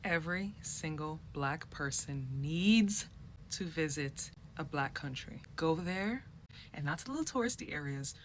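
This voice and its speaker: A woman's voice: low-pitched, expressive, unhurried, slight background noise. A woman from the United States giving a heartfelt, emphatic personal testimony.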